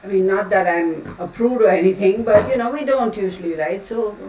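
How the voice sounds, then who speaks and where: A woman hosts an easygoing tarot livestream, chatting and rambling as she reads out viewers' comments. Her mid-range voice is brisk with a darkish tone. The mic is distant, the room echoes, and there's faint room noise.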